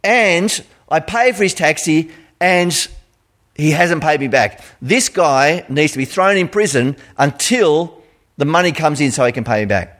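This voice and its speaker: A man's voice: on the high side, animated, fairly bright tone. A man doing an indignant petty creditor. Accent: Australian. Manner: indignant, quick complaining. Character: petty aggrieved male creditor complaining.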